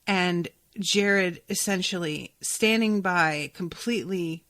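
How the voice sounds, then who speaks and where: A woman's voice: on the low side, slow, fairly bright tone. A woman hosting a podcast, reading a novel aloud and giving candid, casual reactions with some swearing. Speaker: podcast host.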